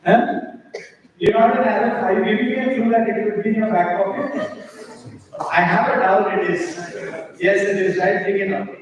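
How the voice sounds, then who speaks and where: A man's voice: high voice, steady tone. A man performing a playful stage mentalist act, teasing and directing audience volunteers. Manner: playful, teasing, gives quick commands. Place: large indoor auditorium stage. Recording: echoey hall from far off.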